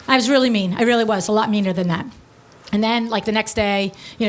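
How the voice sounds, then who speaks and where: A middle-aged woman, an interior design business owner and podcast host, telling a story in a breezy, blunt, animated way, with quick asides. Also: mid-range voice. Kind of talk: casual storytelling.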